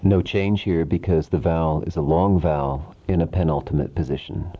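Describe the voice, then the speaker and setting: A man teaching a language, reciting verb forms in a steady rhythmic chant and dropping lower to give the English meanings. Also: moderate pace, few pauses, husky. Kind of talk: recited grammar drill. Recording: dull lo-fi recording.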